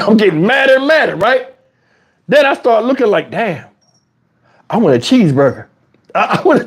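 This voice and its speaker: A man telling a story in a casual, animated way, swearing freely and speaking conversationally. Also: on the high side.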